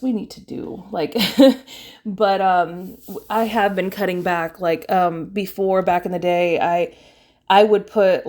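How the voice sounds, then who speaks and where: A woman's voice: mid-range voice, warm tone. A young woman talking casually over her meal prep video, chatty and rambling, with frequent fillers and laughs. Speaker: vlogger.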